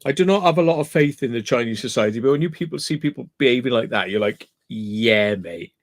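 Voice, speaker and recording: A man, telling a story in a casual chat as a guest calling in, animated and swearing freely. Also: medium pitch, fast. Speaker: guest on call.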